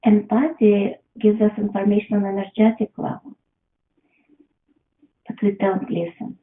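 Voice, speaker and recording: A woman giving a reflective motivational talk, posing question after question to the listener. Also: medium pitch. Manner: asks many rhetorical questions. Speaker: self-help speaker. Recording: tinny phone-like line in an echoey room.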